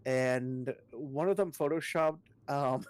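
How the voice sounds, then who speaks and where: Playful guest streamer with self-mocking humor, mid-pitched, for casual game chat. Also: slow pace, no echo.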